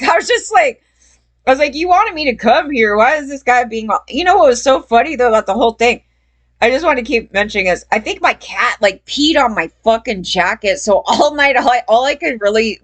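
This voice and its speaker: A young adult woman telling a personal story in a loose, rambling way, swearing often, laughing, and jumping up in pitch when she gets emphatic. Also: a bit bright. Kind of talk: casual storytelling.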